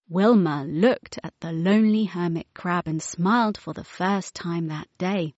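A woman reading a children's storybook aloud with an expressive manner. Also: lowish voice, a little slow, few pauses, dry recording, highs cut off.

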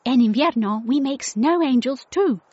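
A woman's voice: high-pitched, animated, normal speed, warm tone, a little hiss or hum, pitched above the performer's own voice. A woman voicing Ralph, a cheerful friend who explains seasonal fun in a storybook. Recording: dull lo-fi dry recording.

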